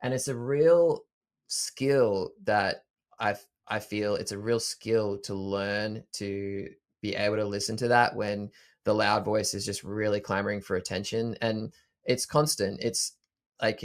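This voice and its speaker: Low-voiced man, thoughtful podcast host. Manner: thoughtful, self-correcting, calm. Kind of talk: reflective conversational chat.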